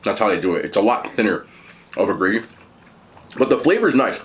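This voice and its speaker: A man talking casually while eating and reviewing fast food, chatty and animated, pausing to chew. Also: on the low side.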